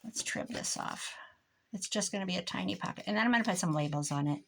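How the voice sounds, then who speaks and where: A woman's voice: fairly low pitch, fast talker, creaky, noisy background. Brief: older woman, chatty crafting vlogger, cranky rambling asides. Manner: chatty, rambling, mock-grumpy. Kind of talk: casual chat while crafting.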